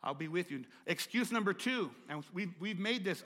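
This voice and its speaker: A man's voice: high-pitched, lively intonation, normal speed. Stuttering man pastor preaching in a reverberant hall. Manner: stutters, repeats words, swings from hushed to loud. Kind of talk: sermon.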